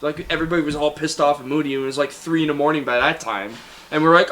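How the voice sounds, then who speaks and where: Bright-voiced young man telling army stories. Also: a little high, fast. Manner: laughing, animated anecdote telling. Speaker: guest. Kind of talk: casual storytelling.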